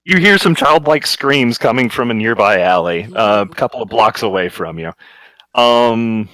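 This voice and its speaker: A man's voice: mid-range voice, lively intonation, moderate pace, fairly bright tone, dry recording, poor audio. A young man narrating a tabletop game as game master, rambling along. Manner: rambling, many fillers and restarts.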